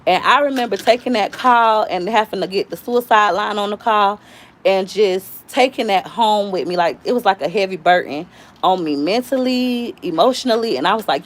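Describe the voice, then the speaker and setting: A Florida woman hosts a casual YouTube live stream, speaking candidly and voicing the people she quotes as she tells stories. Her voice sits in the mid-range, and she keeps a moderate pace.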